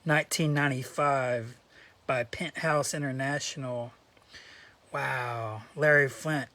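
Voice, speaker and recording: A man's voice: medium pitch, fairly even intonation, slow, pushed and bright. A man in a casual show-and-tell vlog, rambling through his collection with crude jokes and asides, his throat a little dry. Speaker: collector vlogger.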